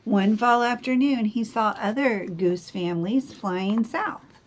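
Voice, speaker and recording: Teacher lady reading a storybook to kids, asks them questions, takes it slow. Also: on the high side, a little hiss or hum. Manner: gentle, asks the children questions. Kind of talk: picture book read-aloud.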